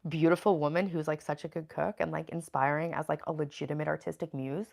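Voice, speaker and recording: A woman's voice: low voice, steady tone, fast, creaky, a little mellow. A woman hosting a casual livestream, chatting loosely with many fillers and reading viewer comments aloud. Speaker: livestream host.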